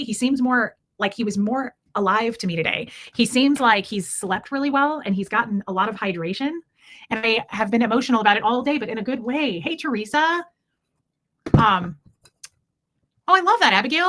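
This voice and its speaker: Woman livestream host, bright and higher-pitched, chatty and rambling, reads out viewer names. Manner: chatty, greets viewers by name, rambling asides. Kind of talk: casual livestream chat.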